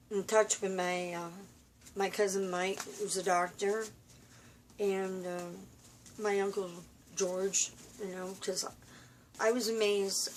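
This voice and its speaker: A tired woman rambling in a personal vlog from a room at home, halting and confiding, full of fillers and restarts. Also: mid-range voice, darkish tone, slight background noise. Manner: weary, confiding. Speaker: vlogger.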